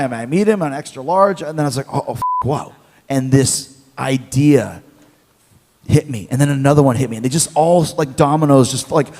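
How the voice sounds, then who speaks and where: A man from Canada, a guest telling stories in an interview, lively and acting out quotes with bits of swearing. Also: fairly high pitch, long reverb tail. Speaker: interview guest, former wrestler. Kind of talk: animated storytelling.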